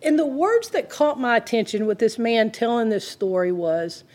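A woman's voice: fairly high pitch, lively intonation, moderate pace, a little mellow. A woman, telling a story in an earnest, conversational sermon. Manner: earnest, retells the story with quoted dialogue. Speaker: Christian teacher.

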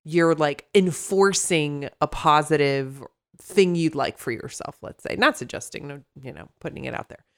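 Woman, podcast co-host, therapist, lower-pitched voice, rambling chatty delivery, frequent laughs. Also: normal speed, clean tone. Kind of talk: casual podcast chat.

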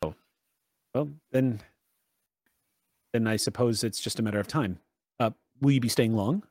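A man's voice: mid-range voice, moderate pace, a little mellow, no echo, studio quality, lightly acted. A man voicing a polite, stammering telepathic official at an estate. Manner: apologetic, stammering.

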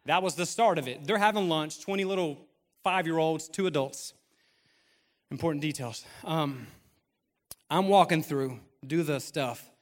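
A man's voice: fairly high pitch, a little slow, long reverb tail. A man in his thirties preaching a sermon in a conversational style, mixing humor and playful acted asides into the message. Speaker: pastor.

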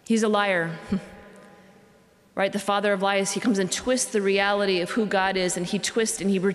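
A religious sister giving a conversational retreat talk, repeating phrases for emphasis. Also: female voice, medium pitch. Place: cathedral. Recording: long cathedral reverb.

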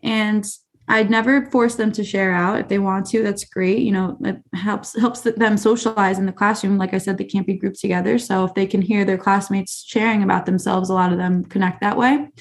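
A woman's voice: medium pitch, fairly even intonation, brisk, gravelly. A young adult woman teacher telling stories in a casual interview, chatty and full of fillers like "like" and "you know.". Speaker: teacher, podcast guest.

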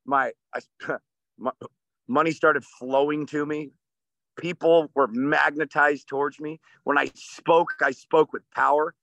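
A man's voice: a little high, fairly even intonation, slow pace, vocal fry, fairly bright tone, no room sound, muffled recording. A man co-hosting a casual podcast, talking in an intense, profane, motivational way.

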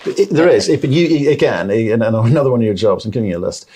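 A man's voice: mid-range voice, animated, quick pace, dark tone, husky. A man interviewing a company executive in a conversational interview, asking probing, pushy questions.

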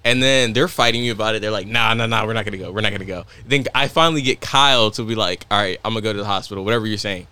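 A man's voice: on the low side, very fast, hardly any pauses, smooth. A young man co-hosting a podcast, telling stories in a casual, laughing way and acting out what others said. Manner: animated storyteller, laughs often, acts out quotes. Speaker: podcast co-host. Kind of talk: casual chat, storytelling.

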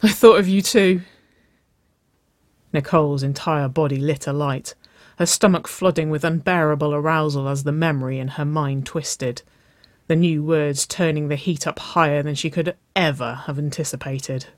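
A reader narrating intimate fiction in a slow, soft, hushed storytelling voice. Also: medium pitch, steady tone, no echo.

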